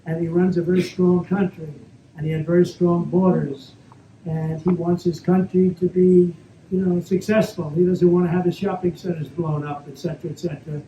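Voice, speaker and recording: Male politician taking audience questions: high-set but dark, mellow voice, boastful and repetitive, heard from the floor in an echoey, dull recording. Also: level tone, moderate pace, slight background noise. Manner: repetitive, boastful, rambling with asides. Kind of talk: off-the-cuff Q&A speech. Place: event hall at a private club, live audience.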